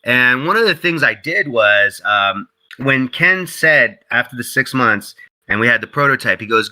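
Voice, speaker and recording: A man being interviewed about game development, telling stories in a casual, animated way, full of "like" and "you know", and acting out what others said in a raised voice. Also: normal speed, rough recording. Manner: animated storyteller who acts out quotes in a higher voice; heavy use of "like" and "you know".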